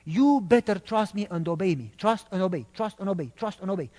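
A stern, commanding God speaks in a firm, emphatic voice, as a preacher puts it on. The pitch lifts and swings. It rings in a big reverberant church hall. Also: male voice, animated, a little fast, a little mellow.

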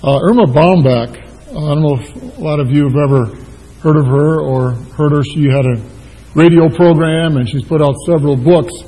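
A man's voice: a little high, moderate pace, warm tone, husky, long reverb tail, low-quality recording. A man pastoring a church, giving an informal sermon with many fillers. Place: church sanctuary.

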